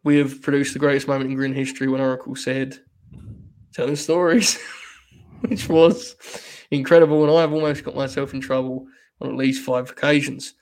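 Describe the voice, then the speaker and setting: A man's voice: mid-range voice, fairly even intonation, normal speed, a little mellow. A man hosting a live-streamed podcast, joking and rambling with his co-host and laughing often. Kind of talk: casual wrestling chat on a live stream.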